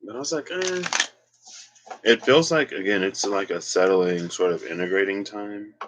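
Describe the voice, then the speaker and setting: A man's voice: low-pitched, normal speed, background noise. A man giving a casual solo tarot reading and rambling as he thinks aloud. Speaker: tarot reader.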